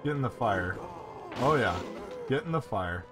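A man giving casual, excitable gameplay commentary and swearing often. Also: medium pitch, measured pace, over music.

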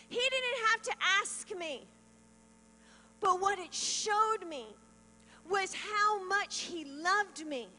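This middle-aged woman, a pastor's wife, delivers a testimony sermon from a church stage with earnest emotion, her very high-pitched voice carrying a sharp tone. Mains hum and a reverberant hall colour the sound.

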